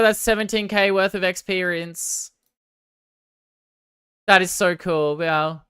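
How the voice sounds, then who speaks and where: Smooth-voiced excitable woman streamer. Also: fairly low pitch, dry recording, studio quality. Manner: excitable, quick outbursts then sheepish apologies; banters with chat, swears casually. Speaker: livestreamer. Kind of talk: casual gaming livestream chat.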